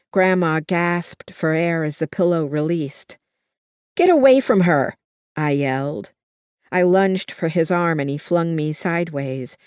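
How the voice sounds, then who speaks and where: An audiobook narrator giving steady, measured first-person novel narration. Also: mid-range voice, smooth, no echo, studio quality.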